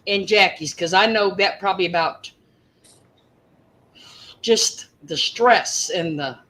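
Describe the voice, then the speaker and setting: A woman's voice: medium pitch, takes it slowly, a bit bright, poor audio. A woman in a casual live-stream chat, laughing and jumping in to steer the talk.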